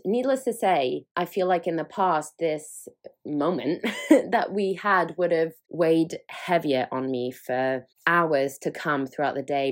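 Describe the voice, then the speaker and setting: A young woman talks candidly on her own podcast, in a slightly low voice. She is chatty and open, laughs often and swears without a second thought. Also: a little mellow. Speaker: podcast host. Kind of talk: candid solo podcast chat.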